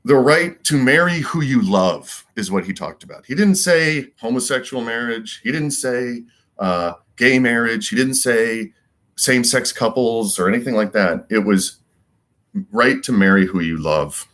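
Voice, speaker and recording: A man's voice: medium pitch, lively intonation, measured pace, a bit bright. A man giving a rambling solo monologue as a commentator, emphatic and repetitive and full of rhetorical questions. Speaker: political commentator.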